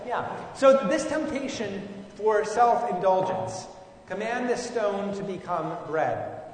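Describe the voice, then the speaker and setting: A man with a fairly high voice teaches scripture in a relaxed, musing way, often pausing and restarting his sentences. He sounds far from the mic in a long, echoing hall with faint background noise. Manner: informal, musing, frequent fillers and restarts. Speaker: Bible study leader. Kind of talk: conversational Bible teaching.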